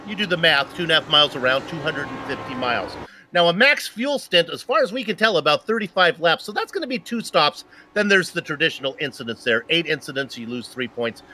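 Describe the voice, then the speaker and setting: A man's voice: on the high side, expressive, brisk, sharp tone, a little hiss or hum. A man co-commentating a sim race, upbeat and joking as he goes through race stats.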